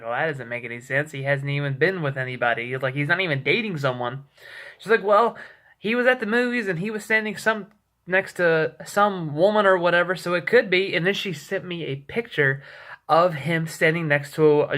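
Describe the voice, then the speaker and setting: A man's voice: on the high side, bright, forceful tone. A young man casually telling a rambling story to his camera, acting out the people he quotes. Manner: rambling, self-correcting, acts out quoted texts. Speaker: vlogger. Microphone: camera mic.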